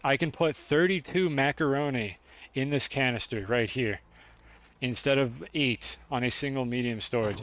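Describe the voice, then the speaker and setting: A young male streamer talking casually and profanely to his chat while he plays. His voice sits at an average pitch. He rambles, jokes and narrates what he is doing. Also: fairly bright tone, a little hiss or hum. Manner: chatty, profane, talks to chat. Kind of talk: casual game-stream commentary.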